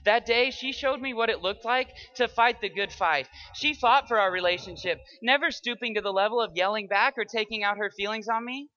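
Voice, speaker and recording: High, bright young man giving a dramatic speech. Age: young adult. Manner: dramatic, swings between hushed and loud. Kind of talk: memorized persuasive speech. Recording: dull lo-fi recording.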